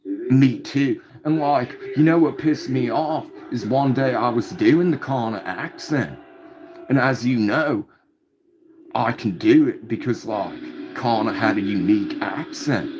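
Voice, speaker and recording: A man's voice: mid-range voice, measured pace. A man hosting a late-night livestream, rambling and swearing through stories in casual chat. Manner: rambling, heavy swearing, storytelling. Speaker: livestream host. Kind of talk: casual chat to a live audience. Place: home room at night. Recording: dull audio with audible background noise.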